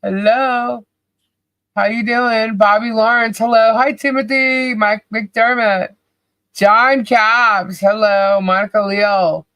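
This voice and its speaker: Livestream co-host, cheerful and chatty, slow and easy delivery, dry close sound. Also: medium pitch, fairly even intonation, pushed and bright, dry recording. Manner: cheerful, laughs often, calls out names. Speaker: podcast co-host. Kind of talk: casual livestream chat, greeting viewers.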